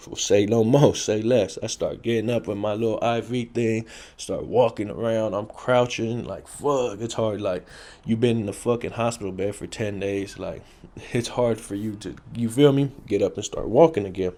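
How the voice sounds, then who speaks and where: A man's voice: on the low side, moderate pace, dark tone. Profane streetwise man. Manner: blunt, profane, streetwise, repeats key phrases for effect. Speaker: storyteller recounting his past. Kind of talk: casual street storytelling to camera.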